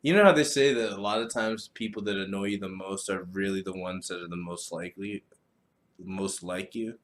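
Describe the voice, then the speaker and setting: A man hosting a solo podcast, talking casually in a profane, rambling, animated way. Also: low voice, normal speed. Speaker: podcast host.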